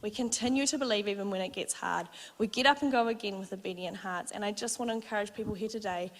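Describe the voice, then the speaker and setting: Heartfelt and conversational, a young female church speaker shares her testimony as part of a sermon, bringing conversations to life as she retells them. Her voice is a little high, and the church auditorium's long reverb hangs on every word.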